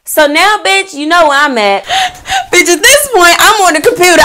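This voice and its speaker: A woman with a high voice tells a personal story in a casual vlog. She is animated and profane, and she addresses her viewers directly as if gossiping with a friend. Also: normal speed, slight background noise. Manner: animated, profane, talks straight to viewers as "girl"; bursts into laughter mid-story. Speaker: vlogger telling a personal story.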